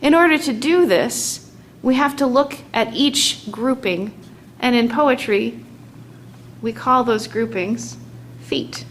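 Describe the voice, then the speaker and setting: A woman with a voice on the high side teaches a lesson on poetic meter, speaking slowly and deliberately while tapping out the stressed and weak beats aloud. A little hiss or hum can be heard in the recording.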